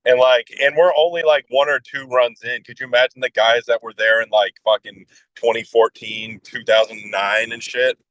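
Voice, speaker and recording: A man's voice: mid-range voice, steady tone, normal speed, fairly bright tone, no echo, rough recording. A man in a casual podcast chat who rambles and swears heavily.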